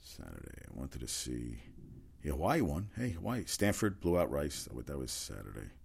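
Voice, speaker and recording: A man's voice: extremely low pitch, huge pitch swings, moderate pace, creaky, darkish tone, husky. A man giving a casual, rambling solo rundown of sports news, opinionated and full of fillers and restarts. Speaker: sports talk host.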